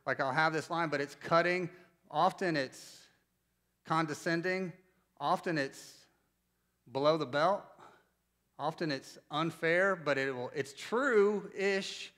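A man's voice: on the high side, measured pace. A man in his forties from North Carolina preaching a sermon as pastor, telling stories conversationally and asking the congregation questions. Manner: conversational storytelling, animated, asks the congregation questions.

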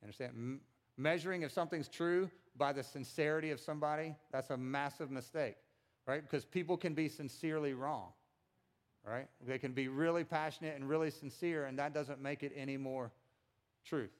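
Preaching at a slightly fast clip, this male pastor keeps his sermon conversational and animated. Repeated words underline his points, while quoted lines get acted out with dramatic shifts in pitch and volume.

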